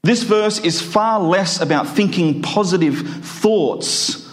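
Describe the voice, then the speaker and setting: Emphatic preacher man, slightly high voice. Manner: emphatic, with slow drawn-out phrases. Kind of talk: sermon.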